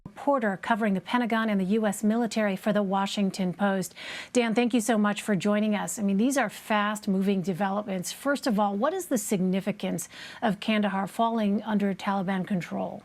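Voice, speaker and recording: A woman news anchor reading the news and introducing a guest in a clear, measured broadcast delivery. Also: medium pitch, darkish tone.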